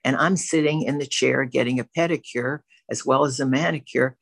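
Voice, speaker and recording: A woman's voice: extremely low pitch, normal speed, creaky, no room sound. A woman telling her personal recovery story in a candid, self-reflective way, as a member of a twelve-step program speaking to a camera. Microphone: facing a camera.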